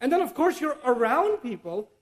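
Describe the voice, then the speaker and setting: A man giving a religious lecture in an animated, conversational way, now and then reciting Arabic verses. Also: very high-pitched, normal speed. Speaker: Islamic lecturer.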